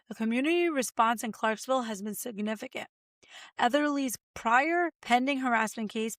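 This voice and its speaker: A woman lawyer hosting a podcast, giving chatty, expressive legal commentary and talking straight to her listeners. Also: on the high side, no echo, studio quality.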